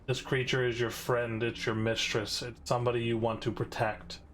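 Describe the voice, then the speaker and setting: A man running a tabletop game as game master, briskly narrating and calling rolls and rules. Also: medium pitch, little pitch movement, fairly bright tone. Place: home setup, online live stream.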